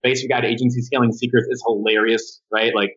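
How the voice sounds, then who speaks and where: Lo-fi sound carries a medium-pitched, quick-paced male voice. The speaker, a marketing agency owner interviewed on a podcast, tells animated stories about his agency in a casual way, acting out the quotes.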